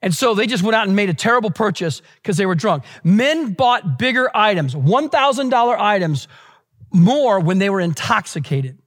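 A man from the United States preaching a sermon, emphatic, with dramatic slowdowns and repeated phrases. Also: sits high, expressive, a bit bright. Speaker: pastor.

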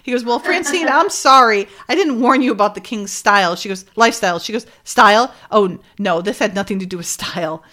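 A woman's voice: medium pitch, fast, hardly any pauses, fairly bright tone. A middle-aged woman co-hosting a casual recap chat, retelling scenes animatedly and acting out quoted lines with frequent laughs. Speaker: podcast co-host.

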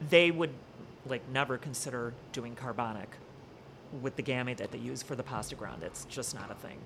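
A woman with a low-pitched voice talks through wine styles with easy expertise. She sounds relaxed and chatty, and there is a faint rumble behind her. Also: moderate pace. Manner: explains wine knowledgeably, laughs easily. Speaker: wine shop guest. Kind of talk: casual podcast chat.

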